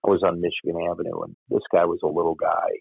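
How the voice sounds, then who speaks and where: A man's voice: low-pitched, monotone, fast, creaky, slightly rough, no echo. A former police officer, telling his stories bluntly and with plenty of swearing in an interview. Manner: blunt and profane. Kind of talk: candid interview storytelling. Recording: tinny phone-like dry sound.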